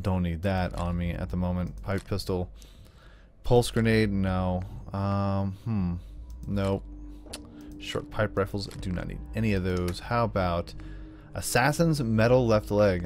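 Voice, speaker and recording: Joking low-voiced gaming host. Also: male voice, a little mellow. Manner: joking, teasing banter with the game. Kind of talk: let's play commentary.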